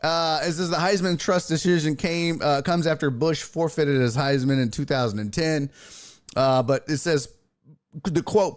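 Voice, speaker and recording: A man's voice: a little high, normal speed. Chatty man hosting casual sports talk. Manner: loose, chatty, addresses viewers as folks; blunt, with mild swearing and slang. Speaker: sports talk show host.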